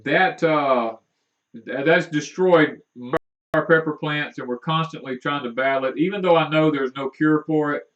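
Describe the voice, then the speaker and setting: A man co-hosting a homestead live stream, talking in a folksy, rambling way, halting with fillers. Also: on the high side, fairly bright tone. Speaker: homestead livestream co-host. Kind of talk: casual live-stream chat. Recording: distant mic, dull muffled sound.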